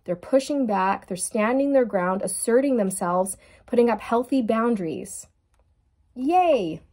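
A woman giving a casual tarot reading, speaking straight to her viewers in a gushing, excitable way. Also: fairly high pitch, unhurried. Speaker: tarot reader.

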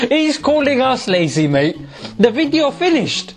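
A man's voice: extremely high pitch, big pitch swings, takes it slowly. A man hosting a casual, mocking commentary on hate comments, tossing in "mate" again and again. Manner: sarcastic, mocking, peppers speech with "mate". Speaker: YouTube host.

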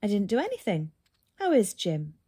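A woman voicing a shy, gentle female hare who speaks softly and hesitantly in a storybook reading. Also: medium pitch, huge pitch swings, normal speed, husky. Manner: soft, hesitant, embarrassed.

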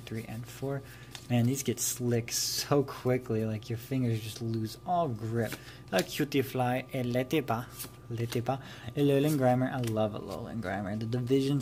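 A man's voice: medium pitch, a little mellow, a little hiss or hum. A man casually commenting while he opens trading card packs, chatty and giggly, muttering card names as he goes. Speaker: trading card pack-opening YouTuber.

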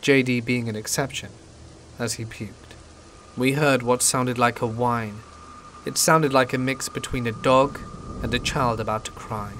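Guy narrating scary stories, calm steady voice, light rain hiss behind. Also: mid-range voice, measured pace. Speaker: horror story narrator. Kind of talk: scripted narration. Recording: faint rain noise behind voice. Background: rain and thunder ambience.

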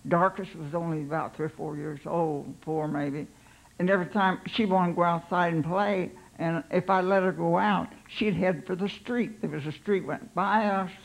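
Older lady telling her life story, halting, gravelly, stops and starts a lot. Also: fairly low pitch, low-quality recording. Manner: unhurried, halting, recounts her thoughts aloud. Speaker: pastor's wife.

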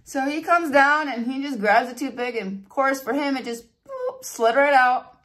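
A woman beauty vlogger telling stories and walking through a hair tutorial in a chatty, animated way. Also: sits high, moderate pace. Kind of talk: casual storytelling and hair tutorial.

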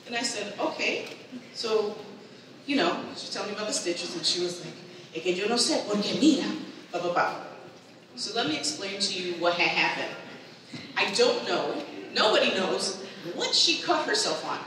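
A woman performing a stand-up comedy set, telling a family story in an animated way and acting out the people in it. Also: mid-range voice, normal speed. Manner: animated storytelling, acts out her mother's voice. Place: comedy event hall with live audience. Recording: echoey hall, far from mic, audible room noise.

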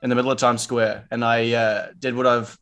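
A man chats as a podcast guest and tells a story at an average pitch. He often stops and restarts, with plenty of ums and uhs. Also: little pitch movement, fairly bright tone, clean tone. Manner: halting, many fillers and restarts. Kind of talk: casual chat, storytelling.

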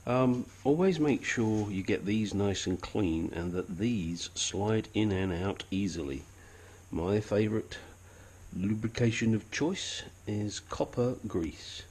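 A low, husky, somewhat mellow male voice narrates a casual how-to on a home mechanic channel, covering a brake and control arm job. Now and then he swears, strays into asides, or breaks into a silly accent.

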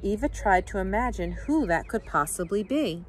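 A woman, a teacher, reading a children's picture book aloud with expressive, animated storytelling. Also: medium pitch, normal speed, a little hiss or hum.

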